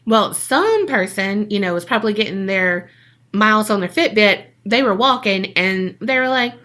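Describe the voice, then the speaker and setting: Bright-voiced woman telling a story. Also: mid-range voice, animated, normal speed. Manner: profane, jokey storytelling. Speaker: podcast co-host. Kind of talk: casual storytelling chat.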